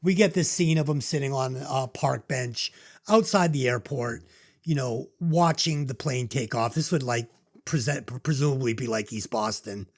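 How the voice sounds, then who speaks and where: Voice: mid-range voice, moderate pace. A podcast co-host reviewing a movie in casual chat, emotional and choked up at times, swearing freely.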